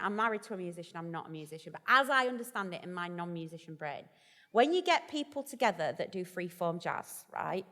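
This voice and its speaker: A woman's voice: a little high, big-room sound. A woman vicar as the guest in a live stage conversation, chatty, jokey and self-deprecating. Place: festival event hall.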